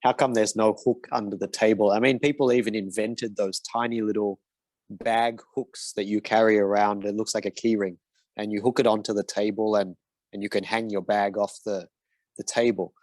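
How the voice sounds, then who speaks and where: A man's voice: lowish voice, steady tone, normal speed, darkish tone, dry recording. A man answering design questions as a mentor, in a casual and hesitant way with many fillers and restarts. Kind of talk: casual Q&A in an online session.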